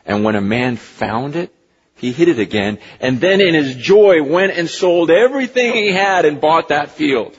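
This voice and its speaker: A male pastor delivering an impassioned sermon, swinging from hushed to near-shouting, with a husky voice. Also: on the high side, lively intonation, normal speed. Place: church sanctuary. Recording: lo-fi recording with long hall reverb.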